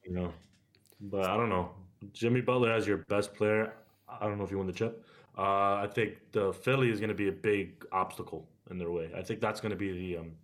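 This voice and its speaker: A man's voice: fairly low pitch, fairly even intonation, fairly quick. A man co-hosting a sports podcast, talking in a laid-back way with hesitant fillers. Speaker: podcast co-host. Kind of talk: casual sports chat.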